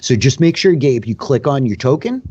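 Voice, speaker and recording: A man's voice: mid-range voice, expressive, moderate pace, warm tone, slightly rough, muffled recording. A man narrating a tabletop game as dungeon master, talking loosely with lots of "like" and fillers.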